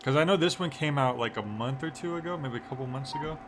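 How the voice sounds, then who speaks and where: A man's voice: mid-range voice, fast talker, heavy background noise. A young man casually commenting as he plays a game on stream, chatty and often restarting his sentences. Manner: chatty, reads game dialogue aloud, trails off and restarts. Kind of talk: casual let's-play commentary. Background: game music.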